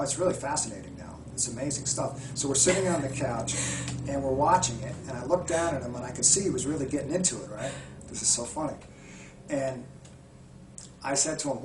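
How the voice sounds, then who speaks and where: This man speaks in a mid-range voice over background noise, telling earnest, heartfelt stories in an interview and frequently starting over mid-sentence. He's a spiritual healer and retreat guide, captured far from the mic in a room with echo.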